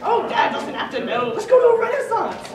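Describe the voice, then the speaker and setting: A woman's voice: very high voice, big pitch swings, a little fast, pitched above the performer's own voice. A woman voicing a bitter, dying older rich man in a comic retelling, melodramatic and mocking. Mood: scheming. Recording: echoey room, far mic, crowd chatter.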